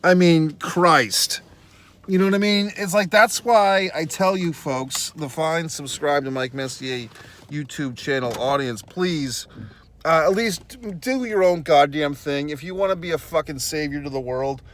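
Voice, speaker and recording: Speaking a little slowly in a high-ish, slightly bright voice, a man vlogging outside for YouTube tells his viewers a story as a casual rant to camera, blunt, profane, and exasperated.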